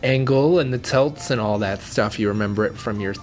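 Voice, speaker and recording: A woman's voice: very deep voice, a little fast, darkish tone, soft background music. A woman co-hosting a podcast, reading listener emails and joking irreverently, swearing freely. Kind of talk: casual chat.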